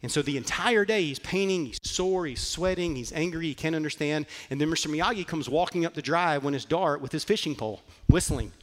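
A man's voice: fairly high pitch, a little fast, hardly any pauses, fairly bright tone, big-room sound. A man preaching a sermon, telling a story earnestly and with frequent fillers. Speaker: pastor.

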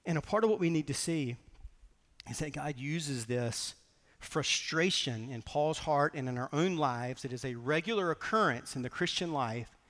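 A man preaching a sermon as pastor, telling personal stories in a conversational, animated way. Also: a little high, moderate pace, big-room sound. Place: church sanctuary.

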